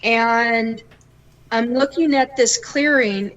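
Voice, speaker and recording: A middle-aged woman, a psychic guest, telling her stories in a casual and animated way and acting out the voices in them. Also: on the high side, slow pace, highs cut off. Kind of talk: casual storytelling interview.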